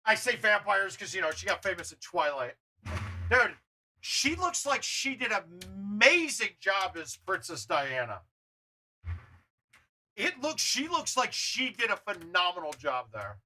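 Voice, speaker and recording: A man hosting a gaming livestream, chatting casually, loud and blunt, swearing freely. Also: high-pitched, very animated, measured pace, rough recording. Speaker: livestream host.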